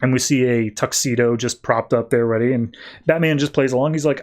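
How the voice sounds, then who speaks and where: A man hosting a podcast, recapping comic books as quick, enthusiastic storytelling. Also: medium pitch. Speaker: podcast host. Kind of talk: casual comic book recap.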